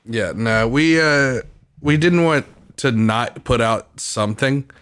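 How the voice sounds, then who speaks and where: A man's voice: medium pitch, slow pace, a bit bright, smooth. A man hosting a podcast in casual chat, rambling and breaking off his own sentences. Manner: rambling, self-interrupting. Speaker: podcast host.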